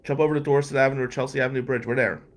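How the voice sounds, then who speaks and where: A man's voice: mid-range voice, steady tone, racing. A man telling a personal story in a candid, emotional way, with sighs along the way. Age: adult, past law school. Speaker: storyteller recounting his past.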